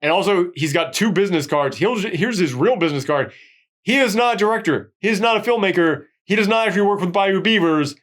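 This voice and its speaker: A man's voice: high-pitched, a little fast. Rambling man reviewing a movie. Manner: rambling, animated, acts out quotes in a gruff voice. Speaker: podcast host. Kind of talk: casual movie review chat.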